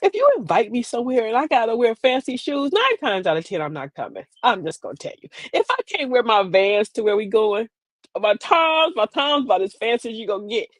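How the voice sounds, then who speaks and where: A woman in her forties hosts a casual livestream monologue and talks straight to her viewers. Her pitch sits fairly high and swings widely as she performs the quoted voices. The sound is dry and close. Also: very animated, a little fast, no room sound. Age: 40s. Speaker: livestream host.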